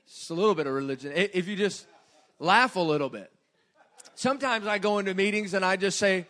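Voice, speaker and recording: Animated joking male preacher. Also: sits high, fairly quick. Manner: animated, joking, rising to loud bursts. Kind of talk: sermon.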